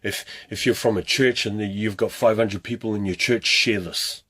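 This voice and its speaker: A man's voice: lowish voice, steady tone, moderate pace, pushed and bright, breathy edge. A man talking to camera as a fitness coach, urging viewers with a string of earnest rhetorical questions. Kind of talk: motivational talk to camera.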